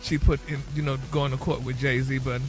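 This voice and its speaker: A man's voice: medium pitch, flat delivery, normal speed, faint music behind. A man hosting a radio morning-show gossip segment, chatty and peppering every phrase with "honey" and "y'all". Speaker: celebrity gossip segment host.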